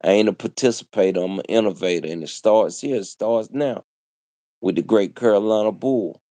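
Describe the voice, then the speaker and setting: Preachy man with a low, mellow voice. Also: normal speed, no echo. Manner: preachy, repetitive, street slang. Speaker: livestream host. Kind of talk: casual livestream monologue.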